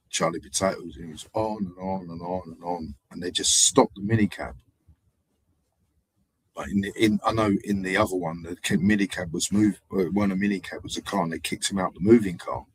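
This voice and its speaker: A man hosting a live stream, telling rambling, animated anecdotes in casual street slang. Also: sits low, husky, dry recording. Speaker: livestream host. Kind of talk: casual livestream storytelling.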